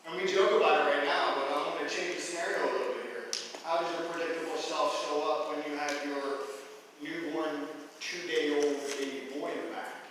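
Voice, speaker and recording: A man with a slightly high voice coaches a group in a live seminar, chatty and joking as he throws questions at the room. He is picked up from a distance, so his voice rings out with long reverb and a faint hum underneath. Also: fairly bright tone. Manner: conversational and joking, asks the audience questions. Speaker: coach leading a workshop. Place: large room with a live audience. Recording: echoey hall recorded from far off.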